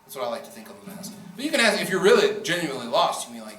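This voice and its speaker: A man's voice: fairly high pitch, very animated, rapid-fire, sharp tone, slight background noise. A man giving a casual classroom lecture on debating, joking and acting out quoted speakers. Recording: echoey room from far off.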